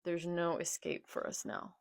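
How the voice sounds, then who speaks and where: A woman reading out a betrayed male pirate captain's accusations in a quiet, subdued tone. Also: lowish voice, expressive, moderate pace, creaky, dry recording. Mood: bitter. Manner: accusing, subdued read-aloud.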